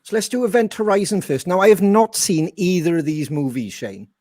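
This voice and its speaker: A man hosting a podcast in casual chat, excitable and swearing freely. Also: high-pitched, a little fast, dry recording. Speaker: podcast host.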